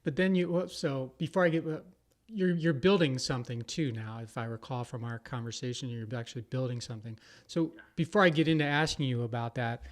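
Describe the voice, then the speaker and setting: A man hosts a podcast in a mid-pitched, ordinary voice. He listens attentively, answers with short affirmations, and asks careful clarifying questions. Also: a little fast. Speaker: podcast host. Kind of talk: casual interview talk.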